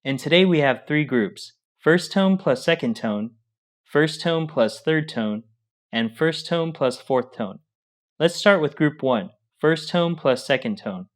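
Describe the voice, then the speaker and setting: A man's voice: on the high side, expressive, unhurried. Man co-hosting a language lesson. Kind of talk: explaining lesson steps.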